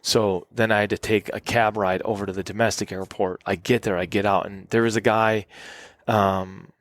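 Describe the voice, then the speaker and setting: A man's voice: fairly low pitch, little pitch movement, normal speed. A middle-aged man, a podcast guest in a cabin, telling long rambling anecdotes in a casual interview and acting out the people he quotes.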